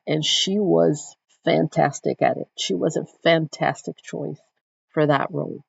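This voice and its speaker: Woman lecturer, thoughtful and explanatory, with a gravelly voice and a dry, dull sound. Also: sits low, a little mellow, no room sound. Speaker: literature teacher. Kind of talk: recorded literature lecture.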